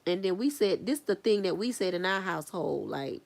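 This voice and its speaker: With a lowish voice full of vocal fry, a woman livestreams herself painting earrings and chats at a moderate, animated pace. She muses aloud, rambles, chuckles at her own thoughts, and addresses viewers with questions.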